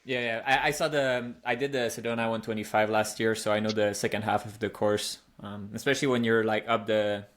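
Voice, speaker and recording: A man hosting a running podcast, asking questions in a casual, halting way with frequent restarts. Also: fairly low pitch, steady tone, fairly bright tone. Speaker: podcast host. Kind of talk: casual interview.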